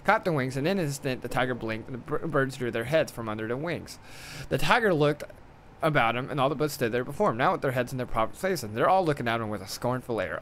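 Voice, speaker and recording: A man's voice: mid-range voice, expressive, fast talker, a bit bright, a little hiss or hum. Irreverent male streamer reading aloud. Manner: irreverent asides, stumbles over words.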